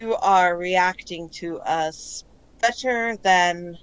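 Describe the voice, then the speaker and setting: A woman voicing the calm, collective voice of a sentient alien plant, speaking in measured, formal sentences. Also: lowish voice, smooth, dry recording, poor audio.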